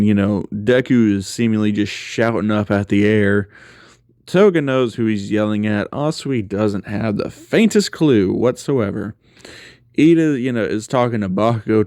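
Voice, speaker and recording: A man's voice: fairly low pitch, darkish tone, smooth, no echo, studio quality. A man casually telling a fan story aloud, with many fillers and restarts.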